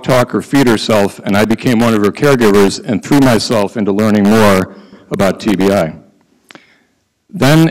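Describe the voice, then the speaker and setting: A middle-aged man giving a prepared conference talk, who sometimes breaks into fast auctioneer-style patter. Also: medium pitch, long reverb tail, rough recording. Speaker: conference speaker. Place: conference hall.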